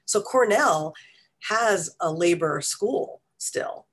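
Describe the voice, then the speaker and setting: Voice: mid-range voice, lively intonation, slow pace, fairly bright tone. An adult interview guest answering earnestly, with many um fillers. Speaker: union media guest being interviewed. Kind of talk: interview conversation.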